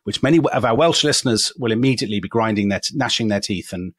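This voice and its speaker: A man with an English accent narrates history in a relaxed podcast chat. His voice sits low and sounds dry and close, with no room around it. He drifts into self-deprecating asides and loose phrasing. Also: fast talker, slightly rough, no room sound. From England. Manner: chatty, self-deprecating asides, frequent "kind of" and "sort of". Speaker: podcast co-host. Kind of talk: casual history podcast storytelling.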